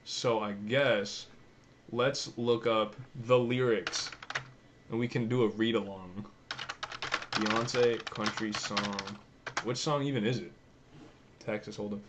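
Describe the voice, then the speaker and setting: A man's voice: fairly low pitch, fairly even intonation, slow pace, long pauses, noisy background. A young man giving casual, offhand commentary, thinking aloud and swearing as he browses. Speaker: vlogger.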